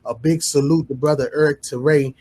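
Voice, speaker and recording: A man's voice: fairly high pitch, fairly even intonation, fairly quick, darkish tone. A man, the guest speaker, opening with effusive thanks to the host and the organizer. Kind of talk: grateful opening remarks.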